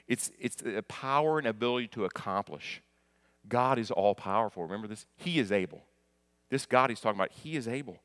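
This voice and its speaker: A middle-aged male pastor preaching a conversational sermon, moving between quiet explanation and loud, emphatic passages. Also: mid-range voice, animated, a little fast.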